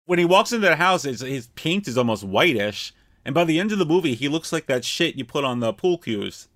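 Animated swearing man on a podcast. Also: fairly high pitch, fairly quick, slight background noise. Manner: animated, swears, laughs often. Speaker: podcast co-host. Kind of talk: casual podcast chat.

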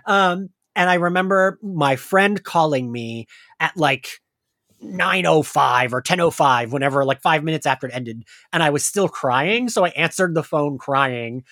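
A man in his thirties hosting a podcast, telling stories in an animated, chatty way, still a little congested from crying. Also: fairly high pitch, unhurried, dry recording, clean studio sound. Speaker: podcast host. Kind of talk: casual chat.

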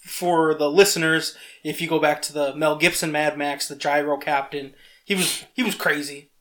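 A podcast co-host talking in a relaxed, casual way, agreeing often and sharing movie easter eggs. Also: medium pitch. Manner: laid-back, quick agreeing, occasional swearing. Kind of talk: casual chat.

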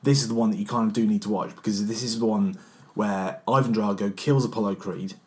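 A man co-hosting a film rewatch podcast, talking in a casual, animated way with lots of fillers and swearing. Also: on the low side, brisk. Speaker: podcast co-host.

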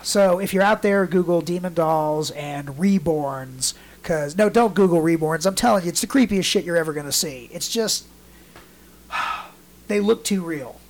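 A fairly high-pitched man takes his time, co-hosting a relaxed podcast. His storytelling is loose and meandering, with quoted lines performed in mock voices.

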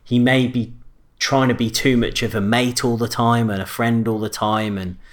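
A man's voice: medium pitch, steady tone, normal speed. A man co-hosting a casual film review chat, often restarting and repeating words as he thinks. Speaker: podcast co-host.

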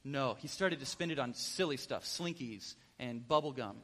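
A man preaching in an animated storytelling style, often asking his listeners questions. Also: mid-range voice, moderate pace, big-room sound. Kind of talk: storytelling sermon.

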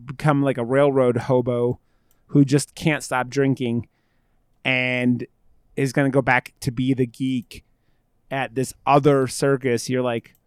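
A man chats casually about a film on a podcast, rambling and swearing, full of fillers and half-finished thoughts. His voice is clear and smooth, sitting in the middle of the male range. The sound is dry and close. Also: medium pitch, level tone, unhurried, no echo. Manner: rambling, profane, jokey, many fillers. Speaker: podcast co-host.

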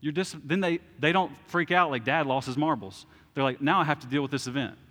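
A man's voice: fairly high pitch, fairly quick, fairly bright tone, long reverb tail. A man in his thirties preaching a sermon as pastor, conversational, with asides and restarts.

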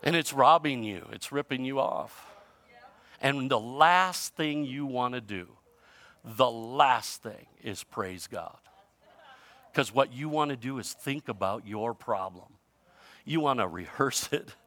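A man preaching a sermon as a pastor, telling a comic story with animated swings between loud and hushed delivery. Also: mid-range voice, takes it slowly.

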